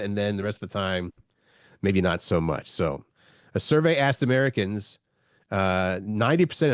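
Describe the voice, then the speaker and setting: Fast-talking man with a stuffy cold. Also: on the low side, dry recording, studio quality. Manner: easygoing, chatty, fast-talking. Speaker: morning show co-host. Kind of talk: casual radio-style chat.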